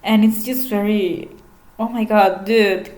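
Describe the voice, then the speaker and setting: A woman's voice: medium pitch, steady tone, takes it slowly, a little mellow. A woman casually recapping a book, chatty, laughing often and swearing freely. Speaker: vlogger. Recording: echoey room.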